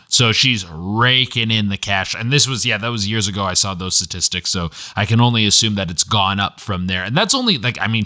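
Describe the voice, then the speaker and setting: A man hosting a solo podcast at his computer, talking in an animated way, swearing freely and jumping between high and low pitch. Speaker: podcast host.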